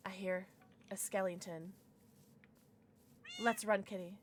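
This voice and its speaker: A woman's voice: medium pitch, fairly even intonation, drawn-out words, pauses often, background noise. A young woman streaming a video game, chatting casually and breaking into squealing baby talk with her pets. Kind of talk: casual gameplay livestream chat.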